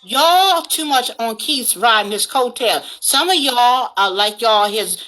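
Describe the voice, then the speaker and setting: Woman host, lectures chat directly, high bright voice. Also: lively intonation, measured pace, low-quality recording. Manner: forceful, addresses viewers directly, repeats "okay?". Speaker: livestream host. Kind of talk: casual livestream commentary.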